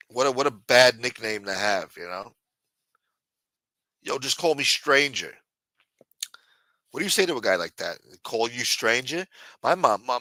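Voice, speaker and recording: A man's voice: medium pitch, expressive, unhurried, pauses often, bright, forceful tone, dry recording. A man hosting a late-night livestream, chatting loosely and profanely while answering viewers in the chat. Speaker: livestream host.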